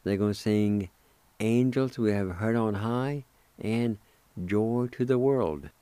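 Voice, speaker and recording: A man's voice: lowish voice, slow, warm tone, smooth, no room sound. A middle-aged man hosting a radio language lesson, patiently spelling out and repeating each word syllable by syllable. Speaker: radio host teaching Cherokee words.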